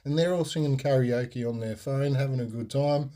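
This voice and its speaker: Young aussie guy on his podcast, rambly and blunt, lots of ums, warm dark voice. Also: medium pitch, normal speed. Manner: rambling, frank, lots of fillers and restarts. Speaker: podcast host. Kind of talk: casual storytelling monologue.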